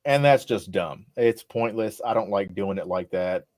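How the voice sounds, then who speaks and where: A man talking as the guest on a casual podcast interview, laid-back and relaxed, swearing now and then as he talks. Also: on the low side, normal speed, no room sound, clean studio sound. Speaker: rapper guest.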